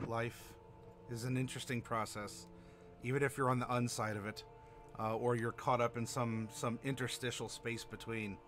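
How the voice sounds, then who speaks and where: A man running a streamed tabletop game as game master, chatty and halting with lots of fillers. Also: mid-range voice, steady tone, over music. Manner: chatty, halting, many fillers, laughs easily.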